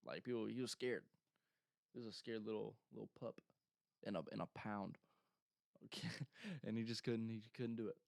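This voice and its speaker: A man's voice: lowish voice, steady tone, moderate pace, vocal fry, long pauses, dry recording, clean studio sound. Young male host, casual rambling chat, filler-heavy, clean voice with no room sound. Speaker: show host.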